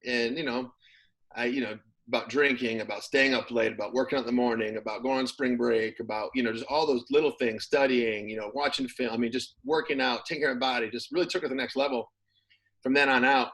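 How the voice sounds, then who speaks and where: A man talks in a relaxed, meandering way as an interview guest, leaning on plenty of fillers. His pitch sits in the middle range, and he keeps an easygoing conversational pace. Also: fast, rough recording. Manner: relaxed, rambling with many fillers. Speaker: former pro football player, guest. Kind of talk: casual interview.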